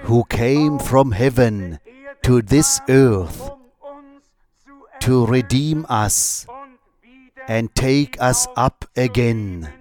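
A man preaches a sermon in a church, speaking in an unhurried, measured way. His pace is extremely slow, with each short phrase set apart by a pause. His voice sits at an ordinary middle pitch for a man. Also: expressive, darkish tone.

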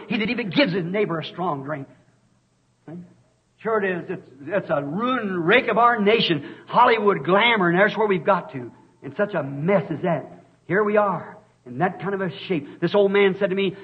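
A high-pitched, husky-voiced man preaches with a drawl, pleading one moment and shouting warnings the next, then slipping into folksy storytelling. His voice comes from a dull, lo-fi old sermon tape. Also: expressive, normal speed. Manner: impassioned, rising to shouts, storytelling asides. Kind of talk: fiery revival sermon.

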